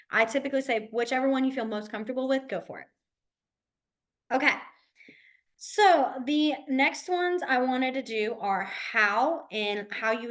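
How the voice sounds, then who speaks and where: A young woman teaching a beginner sign language class in a casual, reassuring way. She says each sign aloud slowly and repeats it, with lots of fillers and restarts. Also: on the high side, fairly bright tone. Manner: says the signs aloud in slow repeated words.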